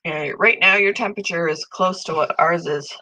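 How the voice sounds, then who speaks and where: Congested chatty woman with a bright voice. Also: lowish voice, moderate pace, low-quality recording. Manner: chatty, talks to viewers by name, coos softly over pets. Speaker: channel host. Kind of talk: casual live-stream chat.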